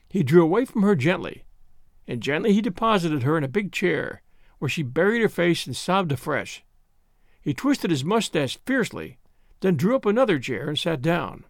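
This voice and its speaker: A man reading a novel aloud as narrator, dramatic and expressive. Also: a little high, normal speed, dry recording, studio quality. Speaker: audiobook narrator.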